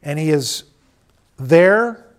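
A middle-aged man preaching a sermon, swinging between loud urging and quiet storytelling. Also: on the high side, expressive, extremely slow, clear, resonant tone.

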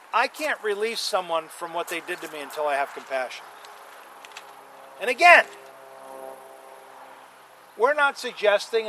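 A male pastor delivering a sermon in a high, bright voice. He leans hard on key lines, repeats them for weight, and draws the congregation in. A faint hiss of noise sits underneath. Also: low-quality recording. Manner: emphatic, repeats lines for stress, calls on the congregation.

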